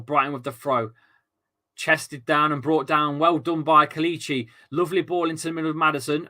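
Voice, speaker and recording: Brief: young man, football fan streamer, bright cutting tone, sweary, jumps from low mutters to shouts. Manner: excitable, swearing, swings from grumbling to shouting. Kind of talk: live fan commentary.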